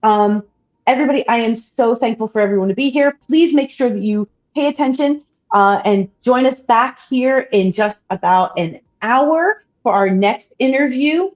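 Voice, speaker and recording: Enthusiastic woman host, higher voice, kinda muffled sound. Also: moderate pace. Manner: enthusiastic, warm interjections. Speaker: livestream host. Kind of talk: livestream interview. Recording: dull, muffled audio.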